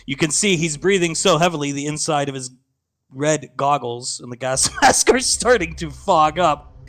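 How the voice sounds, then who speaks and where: Lively man narrating a tabletop game. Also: fairly high pitch, moderate pace. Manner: lively storytelling with sound effects. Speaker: game master.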